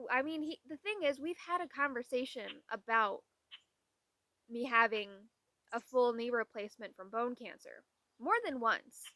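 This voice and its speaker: There's no room sound as a young adult vlogger talks unhurriedly into the camera in a high-leaning, bright, forceful voice. Candid and exasperated, she recounts stories casually, impersonating the people she quotes.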